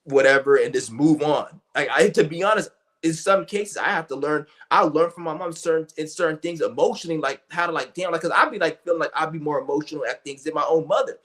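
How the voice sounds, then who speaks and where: A man's voice: a little high, fast talker, fairly bright tone. Blunt profane man ranting. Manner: blunt, profane, rambling with many restarts and fillers. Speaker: streamer. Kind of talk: ranting monologue.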